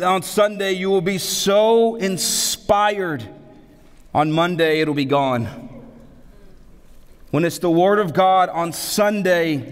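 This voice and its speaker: Animated pastor preaching in a reverberant sanctuary. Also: male voice, high-pitched. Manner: animated, repeats key phrases for emphasis, mixes humorous stories with preaching. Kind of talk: sermon. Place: church sanctuary. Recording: long hall reverb.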